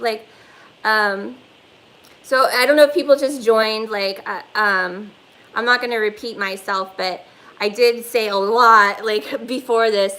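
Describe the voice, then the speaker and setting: A woman's voice: medium pitch, fairly bright tone, low-quality recording. A woman hosting a casual livestream from her phone, rambling and swearing, with lots of "like" fillers. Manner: rambling, profane, heavy "like" fillers. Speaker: livestream host.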